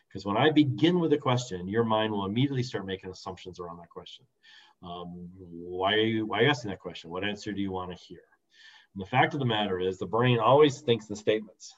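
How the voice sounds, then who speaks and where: A middle-aged man talks through teamwork ideas in an earnest, conversational way, his voice sitting low. He pushes up into emphatic peaks now and then and restarts words as he thinks. The recording sounds somewhat dull and lo-fi. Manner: earnest, animated with emphatic rises, repeats words when restarting. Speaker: team coach.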